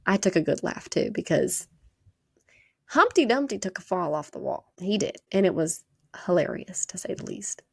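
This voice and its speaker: A woman with a Southern US accent hosting a podcast, chatting and telling animated stories in a casual way. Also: fairly low pitch, creaky, breathy edge, no echo, studio quality. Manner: chatty, animated retelling with quick quoted voices. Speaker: podcast host. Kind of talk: casual storytelling monologue.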